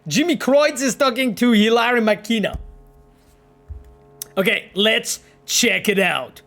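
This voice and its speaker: A man with a Polish accent, a game developer casually talking to his stream audience as he plays, excitable and swearing freely. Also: very high voice, takes it slowly, vocal fry, pauses often. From Poland.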